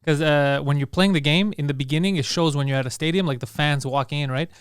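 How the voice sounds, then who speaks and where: A man hosting a podcast in casual chat, with rapid, laughing banter. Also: a little high, clean tone, dry recording, clean studio sound. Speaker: podcast host.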